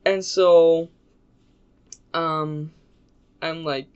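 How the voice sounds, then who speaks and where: Slow, rambling man on a lo-fi mic. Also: fairly high pitch. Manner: rambling, filler-heavy storytelling. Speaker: YouTuber. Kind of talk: casual storytime vlog. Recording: dull lo-fi recording.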